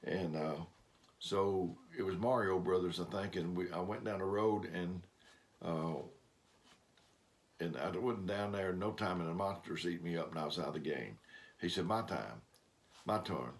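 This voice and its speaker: A grandfather-aged man with a deep, low-pitched voice and a drawl. He tells down-home stories in plain, homespun grammar and drifts from one thought to the next, in the way of a devotional talk. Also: normal speed. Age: older. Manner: rambling storyteller, homespun grammar. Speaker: preacher.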